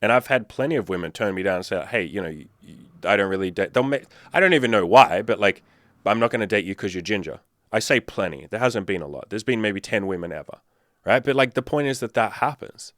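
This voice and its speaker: A man's voice: fairly low pitch, expressive, fast talker, a bit bright, no echo, clean studio sound. Blunt, swearing man coaching on dating. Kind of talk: casual commentary to camera.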